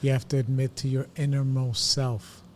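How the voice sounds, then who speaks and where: A man's voice: mid-range voice, little pitch movement, normal speed, a little hiss or hum. A man hosting a podcast, chiming in briefly and supportively during a guest's story. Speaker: podcast host. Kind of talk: casual interview chat.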